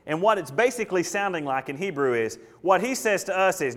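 A man preaching an expository sermon, emphatic, with sudden swings between loud declarations and hushed asides. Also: a little high, animated, quick pace, long reverb tail. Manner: emphatic, mocking voices of scoffers, dramatic swings in loudness.

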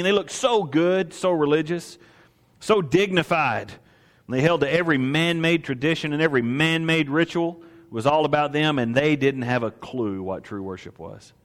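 A man preaching a sermon, swinging from soaring exclamations to hushed asides and acting out the voices of the people in his story. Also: a little high, big-room sound. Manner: acts out voices of priests and merchants. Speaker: pastor.

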